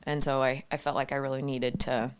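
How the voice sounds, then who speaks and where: With a very deep voice and flat delivery, a young Arizona woman chats casually as a guest actor on a talk show, halting often with fillers and restarts. A little hiss or hum sits under the recording.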